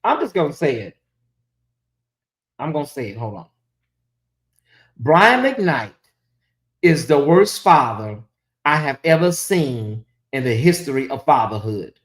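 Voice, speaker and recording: A woman's voice: very deep voice, very animated, measured pace, pauses often. A gossip host, a woman, holds forth to her viewers in a loose, sassy rant. She rambles, piles on the fillers and keeps interrupting herself before swinging back to the point. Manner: sassy, ranting, talks straight to viewers. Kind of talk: celebrity gossip commentary.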